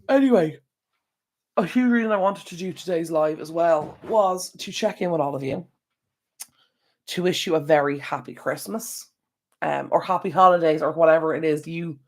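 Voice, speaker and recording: A man with an Irish accent hosting a casual live stream from home, tired and yawning, rambling and talking straight to his viewers through an external microphone. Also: on the high side. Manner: rambling, chatty, talks to viewers directly. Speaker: channel host.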